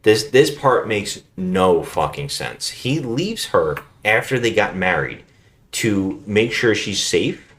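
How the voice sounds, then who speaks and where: A man co-hosting a podcast, recapping a bad movie in casual chat, animated and swearing freely. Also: on the low side, takes it slowly. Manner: animated, swearing, acts out scenes in loud put-on voices. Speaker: podcast co-host.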